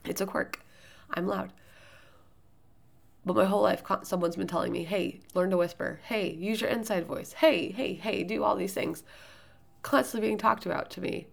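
A loud-voiced woman hosting a podcast, giving writing tips in casual, rambling solo talk with plenty of fillers and restarts. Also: mid-range voice, moderate pace, vocal fry.

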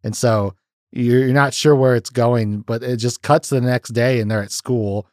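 A man's voice: medium pitch, steady tone, moderate pace, darkish tone, no room sound, studio quality. A man hosting a podcast in casual chat, recounting film scenes eagerly and laughing often. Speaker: podcast host.

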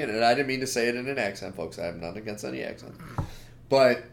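Guy on a podcast going off about stuff, lively and opinionated, mid pitch. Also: quick pace, creaky. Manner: animated, opinionated ranting with frequent asides. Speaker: podcast co-host. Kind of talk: casual chat.

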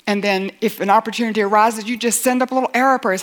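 A woman's voice: a little high, steady tone, fast, few pauses. A woman Bible teacher giving a sermon in an earnest voice, asking rhetorical questions and rising to emphatic points.

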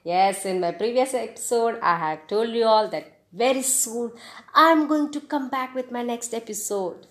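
A woman's voice: fairly high pitch, moderate pace. A woman hosting a podcast English lesson, spelling words out letter by letter and encouraging her listeners. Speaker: podcast host teaching English. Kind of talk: slow spelled-out grammar lesson.

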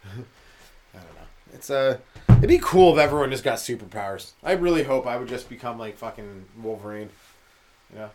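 A man's voice: medium pitch, brisk, a little mellow. A male comedian hosting a podcast, rambling through a loose, profane solo monologue and dropping into mocking voices for the people he quotes.

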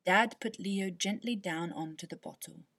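A woman with a breathy voice, gently and expressively narrating a children's bedtime story. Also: lowish voice, moderate pace.

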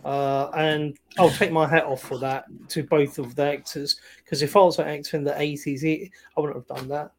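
A man's voice: a little high, flat delivery, normal speed, hardly any pauses, slight background noise. Hesitant man chatting casually. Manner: rambling, hesitant, many fillers and restarts. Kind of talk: casual chat about films.

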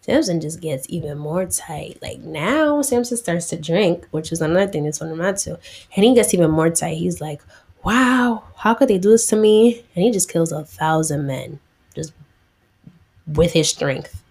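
A woman's voice: deep voice, normal speed, a little mellow, slightly rough. A young woman retelling a Bible story in a chatty, slangy way, acting out the characters' lines.

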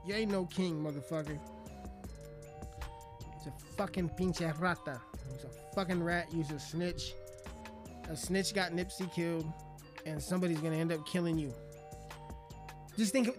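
A man's voice: a little high, normal speed, long pauses. A man, a rapper, delivering an aggressive, mocking, profanity-heavy ranting monologue. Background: music playing.

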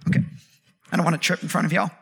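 A man preaching a sermon with impassioned delivery, piling up rhythmic repeated phrases and building up to shouts. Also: on the high side, fairly even intonation, very fast, gravelly, slightly rough.

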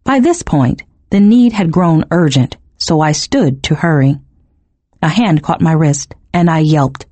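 A woman narrating a first-person novel in an expressive, emotionally engaged reading. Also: low-pitched, measured pace, no echo. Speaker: audiobook narrator.

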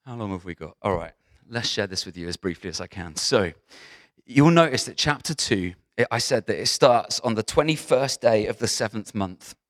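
A man preaching a sermon as pastor, talking in a lively, conversational way with frequent asides to the congregation. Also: on the low side, normal speed.

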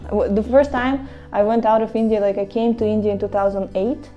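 A Russian woman living in Mayapur, India, gives a casual spiritual talk to her viewers, acting out the voices in her stories with animation. Her medium-pitched voice moves fairly quickly. The highs are cut off, and faint music plays behind her.

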